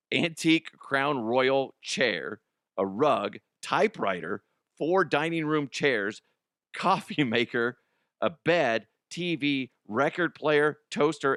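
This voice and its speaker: A man's voice: mid-range voice, fairly bright tone, no echo, studio quality. A middle-aged man hosting a comedy news show, rambling casually with profanity and lots of restarts.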